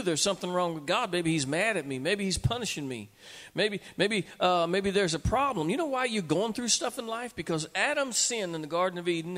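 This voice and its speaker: High-pitched preaching man. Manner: preaching, building to loud emphatic peaks. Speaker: pastor. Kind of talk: sermon. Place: church sanctuary. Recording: long reverb of a church hall.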